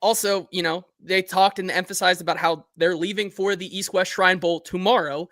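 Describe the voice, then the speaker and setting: Male sports podcast host, bright forceful tone, animated delivery, dry close sound. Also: high-pitched, moderate pace, dry recording. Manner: animated, reads listener comments aloud. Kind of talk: casual sports talk.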